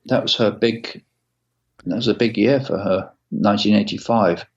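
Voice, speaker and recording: Man in his sixties, gravelly voice, halting storytelling, muffled lo-fi audio. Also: fairly low pitch. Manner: halting, with many restarts and asides. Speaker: guitarist guest. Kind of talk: casual interview storytelling.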